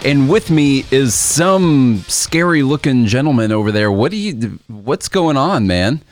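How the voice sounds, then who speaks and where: A man's voice: medium pitch, animated, a little slow, no echo, clean studio sound, faint music behind. A man hosting a casual podcast, joking with his co-host and plugging the show.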